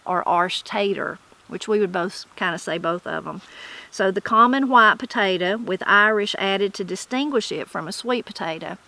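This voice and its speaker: A woman's voice: mid-range voice, pushed and bright, rough recording. A middle-aged woman with a Southern Appalachian accent, chatting casually as host and reading aloud from old sources. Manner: chatty, folksy, self-correcting while reading aloud. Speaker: channel host. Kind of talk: casual talk and reading from a dictionary.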